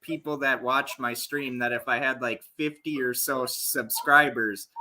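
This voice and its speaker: A man's voice: mid-range voice, fairly even intonation, unhurried, noisy background. A man co-hosting a comedy podcast, telling a story and laughing often. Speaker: podcast co-host. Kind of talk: crude comedic banter.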